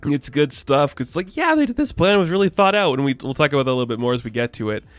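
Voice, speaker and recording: Young guy rambling on excitedly about comics, dry close mic, faint music underneath. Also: on the high side, racing, dry recording. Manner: enthusiastic, rambling, chatty. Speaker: comic book reviewer. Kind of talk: casual video review.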